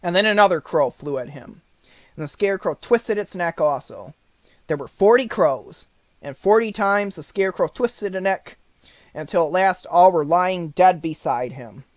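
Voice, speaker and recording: A man's voice: sits high, expressive, normal speed, no echo. Man narrating a storybook audiobook.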